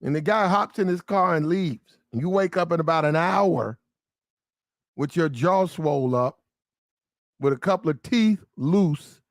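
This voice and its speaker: A man delivering animated commentary as a vivid story full of street slang. His voice sits high for a man and sounds dry and close. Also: a little slow, no room sound.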